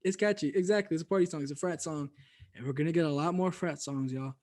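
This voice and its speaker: Male podcast co-host, high voice, loose and laughing, lots of fillers. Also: fast, a little mellow. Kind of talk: casual music review chat.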